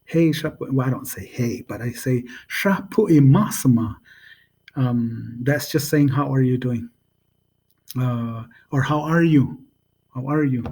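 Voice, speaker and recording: A man walks through greetings in a relaxed, informal lesson, leaving long gaps between his words. He sounds out each phrase slowly and spells it letter by letter. His voice sits at an ordinary pitch. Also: husky. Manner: relaxed and unhurried, with many pauses and fillers. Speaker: language teacher. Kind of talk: casual spoken language lesson.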